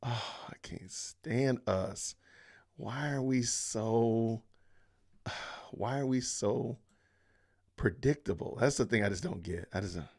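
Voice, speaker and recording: A man hosting a live-stream podcast, reacting with exasperated commentary, sighing and talking to his viewers. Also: slow pace. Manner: exasperated, sighing, lively pitch swings. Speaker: podcast host.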